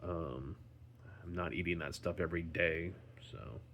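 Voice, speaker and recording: A very deep-voiced man talks in a slow, unhurried way. He rambles through a casual daily vlog, full of ums and restarts, sounding tired as he recovers at home. A faint hum of room noise sits behind him. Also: steady tone, fairly bright tone. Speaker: vlogger.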